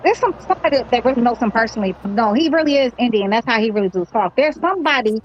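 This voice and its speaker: A woman's voice: on the high side, animated, fast, muffled recording, a little hiss or hum. A woman chatting casually on an online panel, slangy and profane. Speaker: panelist on an online boxing chat. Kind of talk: casual group chat.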